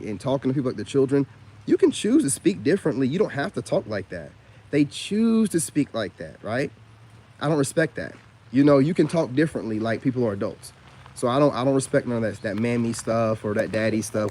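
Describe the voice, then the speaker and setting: A man with a slightly high voice talks straight to camera in a loose, slangy monologue that keeps circling back on itself. When he gets indignant, his pitch leaps up sharply. Faint rain patters behind him. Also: a little mellow, slight background noise. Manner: loose, repetitive, full of slang and fillers. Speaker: online commentator on narcissism.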